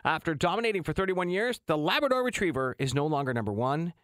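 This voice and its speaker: Male morning radio host, dry wit, lively delivery, dry studio mic. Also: on the high side, quick pace, dry recording. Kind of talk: radio news read and banter.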